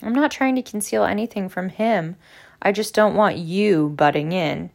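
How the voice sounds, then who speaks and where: A woman's voice: medium pitch, moderate pace, gravelly. A woman reading aloud as a sulky, defiant teenage boy who jeers and snaps back. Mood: defiant, angry. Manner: angry, jeering and defiant.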